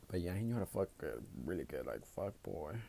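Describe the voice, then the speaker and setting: A man's voice: low-pitched, sing-song, normal speed, creaky, mellow. Blunt, foul-mouthed man. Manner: blunt, profane, switching between English and Spanish. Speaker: podcast host. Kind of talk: casual solo podcast monologue.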